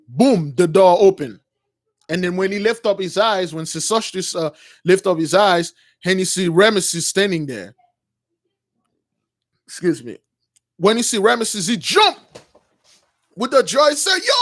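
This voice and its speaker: Halting, emotional male storyteller. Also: fairly high pitch, dry recording, studio quality. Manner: repetitive, halting, casual slang. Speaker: religious storyteller. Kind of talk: emotional retelling of a sacred tale.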